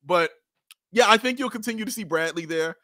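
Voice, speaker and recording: A man co-hosting a casual sports podcast, excitable, laughing often and repeating himself as he talks. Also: sits high, fairly quick, dry recording, clean studio sound. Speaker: podcast co-host.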